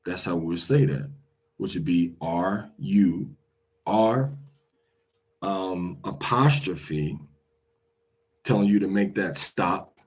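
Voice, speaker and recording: A man's voice: deep voice, slow pace, pauses often, husky. A man teaching a language lesson, patiently repeating each pronunciation several times.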